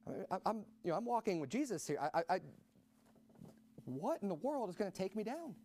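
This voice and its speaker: A man preaching a sermon in a conversational way, rising to loud emphatic peaks. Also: high voice, big pitch swings, brisk.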